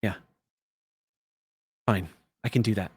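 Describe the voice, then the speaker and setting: A man's voice: on the low side, takes it slowly, breathy edge, no room sound, pitched below the performer's own voice. Man doing an eager young woman fighter. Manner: eager and excitable.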